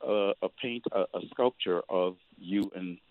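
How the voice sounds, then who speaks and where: A man's voice: low-pitched, unhurried, no room sound. A man calling in to a radio show, effusive and emotional as he gushes his thanks. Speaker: caller. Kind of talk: call-in radio. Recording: dry tinny phone line.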